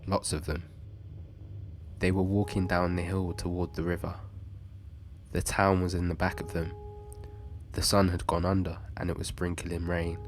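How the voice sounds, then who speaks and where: A man steadily reading a short story aloud in an unhurried way. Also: low-pitched, completely flat delivery, a little hiss or hum. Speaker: reader.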